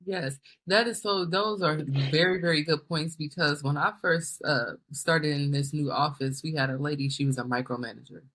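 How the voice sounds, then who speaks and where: Lively woman host in her thirties. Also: sits low, normal speed, hardly any pauses. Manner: lively, exasperated storytelling with quoted retorts. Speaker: podcast host. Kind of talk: casual chat.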